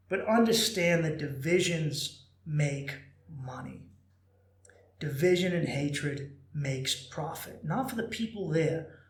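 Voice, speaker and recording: A man's voice: a little high, roomy sound. A man hosting a podcast in a casual monologue, telling stories animatedly, swearing freely and acting out the people he quotes. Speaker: podcast host.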